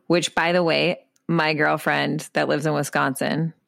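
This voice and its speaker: A woman with a Minnesota accent co-hosts a casual podcast chat, talking into her own microphone. Her low voice has a gravelly fry to it, and the recording is dry and close. She keeps things loose with side notes and easy laughter. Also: little pitch movement, measured pace, fairly bright tone, no echo. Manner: chatty, laughs easily, goes off on side notes. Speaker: podcast co-host.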